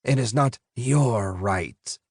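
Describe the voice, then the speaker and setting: A man voicing a cold, deliberate male enforcer who speaks slowly and with a hiss. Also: medium pitch, husky, no room sound, studio quality, pitched above the performer's own voice. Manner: slow, hissing, deliberate.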